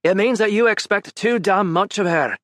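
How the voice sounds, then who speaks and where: A man's voice: high voice, moderate pace, fairly bright tone, no echo, studio quality, voice pushed up. A man voicing an angry man who swears heatedly while defending a friend, in an audiobook.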